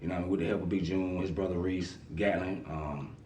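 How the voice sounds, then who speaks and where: A man, a guest in a casual interview, talking in a relaxed, rambling way full of fillers. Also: low-pitched, moderate pace, recorded from a distance, a little hiss or hum. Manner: relaxed, rambling, many fillers like "you know what I mean". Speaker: artist manager, guest. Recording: echoey room, voice off-mic.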